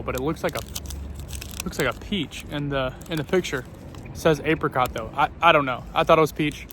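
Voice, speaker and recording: A man's voice: a little high, a bit bright. Chatty man vlogging outdoors, ums a lot. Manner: chatty, hesitant, many ums and self-corrections. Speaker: travel vlogger. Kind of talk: casual vlog to camera. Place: outdoors on city streets. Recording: faint outdoor street noise. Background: faint street and traffic noise.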